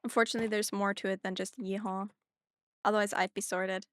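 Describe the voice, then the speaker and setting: While playing a game on stream, a young German woman talks casually, rambling and poking fun at herself. Her English shows a German accent with some British touches. She speaks quickly at a medium pitch, with little pitch movement and a slightly bright tone.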